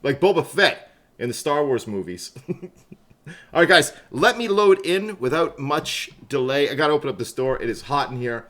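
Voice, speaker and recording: A man's voice: on the high side, normal speed, bright, forceful tone. A man chatting casually on a game livestream, laughing often, greeting viewers by name, wired on coffee, with keyboard clicks behind. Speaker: livestream gamer.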